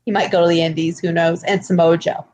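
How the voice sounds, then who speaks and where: A woman's voice: on the low side, level tone, quick pace, darkish tone. A woman co-hosting a podcast in casual chat, telling a story with animation and acting out quotes. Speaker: podcast co-host.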